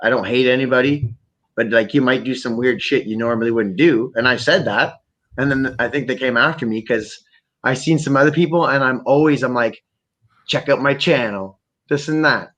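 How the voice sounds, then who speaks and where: A man from Canada hosting a podcast, talking in a rambling, profane, animated way. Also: mid-range voice, moderate pace. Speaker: podcast host. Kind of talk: casual chat.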